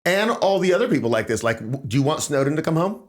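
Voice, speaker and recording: A man's voice: a little high, sing-song, fast. A man hosting a casual political podcast, talking in an emphatic, rambling way. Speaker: podcast host.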